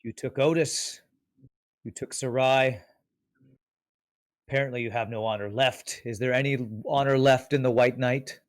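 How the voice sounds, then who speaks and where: Brief: a man as a worn-down hero making his stand, earnest and low, on dry close audio. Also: fairly even intonation, moderate pace, long pauses, no room sound, lightly acted. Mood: accusing. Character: weary adult male fighter, worn out by fear, defiant.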